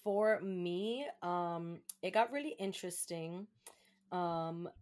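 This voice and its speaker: Young woman host, slightly low voice, swearing and laughing while she tells a story, throws in spanish words. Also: slow pace. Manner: animated, profane, laughing storyteller. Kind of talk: casual storytelling chat.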